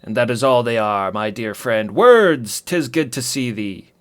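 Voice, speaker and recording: A man voicing a proud, boastful male sword trainer who speaks in formal, old-fashioned language, in a medium-pitched voice. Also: normal speed, smooth, lightly acted. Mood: teasing.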